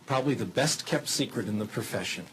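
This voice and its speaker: Man giving a lively televised lecture. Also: medium pitch, a little hiss or hum, poor audio. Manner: lively demonstrative teaching, rhetorical questions; switches into simple slow German to demonstrate. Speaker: lecturer on language acquisition.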